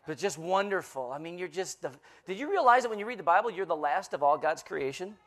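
A man in his fifties, a guest pastor giving a joke-filled sermon and teasing the crowd as a playful, animated storyteller. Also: sits high, quick pace.

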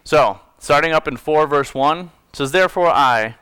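This pastor's fairly high voice moves at a moderate pace, a bit bright, clear, and resonant, with no room sound. He reads scripture and explains it to his congregation in a relaxed, joking manner, self-correcting as he speaks.

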